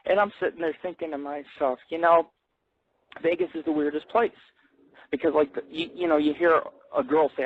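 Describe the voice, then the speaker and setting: A man's voice: fairly high pitch, very animated, normal speed, phone-quality sound, a little hiss or hum. A man hosting an internet radio show, rambling bluntly and swearing constantly in a casual monologue. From grew up in an Italian-American family.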